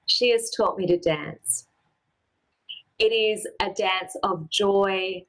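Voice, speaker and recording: A woman performing a personal spoken-word story, with a measured, poetic and deliberate delivery. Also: medium pitch, fairly bright tone, low-quality recording.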